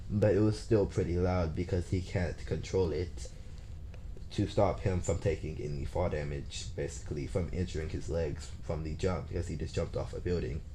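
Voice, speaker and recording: Male storyteller, deep and mellow voice, loosely improvising a fan story while working out the plot aloud. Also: slight background noise. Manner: thinking aloud, plotting as he goes. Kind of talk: casual improvised story retelling.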